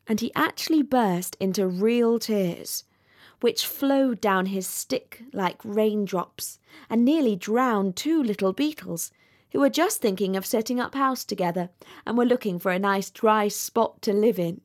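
Brief: woman narrator, storybook reading, unhurried and measured. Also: medium pitch.

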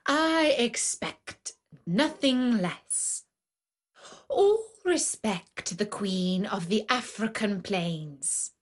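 A stately, proud lioness queen tells her storybook tale, as a woman reads her. She speaks slowly and grandly, with haughty assurance. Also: mid-range voice, lively intonation. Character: proud female lion queen of the plains. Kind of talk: storybook narration in character.

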